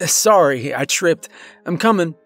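A man's voice: a little high, unhurried, dry recording, soft background music, pitched above the performer's own voice. A man voicing a casual, laid-back young male college friend in a horror story. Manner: relaxed slangy talk.

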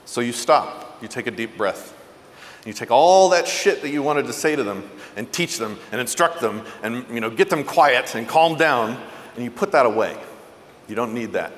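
A man's voice: normal speed, in a large hall. Earnest man giving a parenting talk. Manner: earnest, animated storyteller, drops soft and low for tender moments. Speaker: parenting speaker. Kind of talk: motivational talk.

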